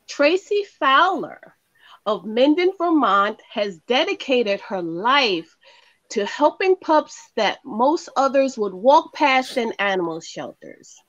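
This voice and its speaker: A woman co-hosting a podcast, her somewhat high voice swinging lively up and down as she tells her story. She speaks slowly and agreeably. Her sound is a bit dull and lo-fi. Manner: warm, agreeable, quick to laugh along. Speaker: podcast co-host. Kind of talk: casual chat.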